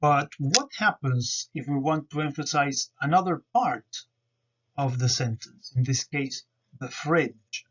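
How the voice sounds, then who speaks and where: Man, student presenter, slow careful explanation, dull lo-fi recording. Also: on the high side. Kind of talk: explaining grammar over slides.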